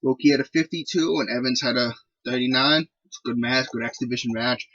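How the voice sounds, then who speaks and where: A man's voice: medium pitch, fairly even intonation, brisk, a bit bright, dry recording, highs cut off. A man giving casual, rambling commentary while playing a wrestling management game. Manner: chatty, rambling recaps. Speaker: video game let's player.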